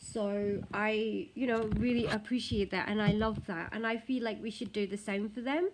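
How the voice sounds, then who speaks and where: A woman's voice: mid-range voice, fairly even intonation, normal speed, noisy background. A woman from Nepal talking casually to camera as a vlogger, full of "like" and "you know", slipping between languages. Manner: chatty, heavy use of "like" and "you know"; switches between languages mid-sentence.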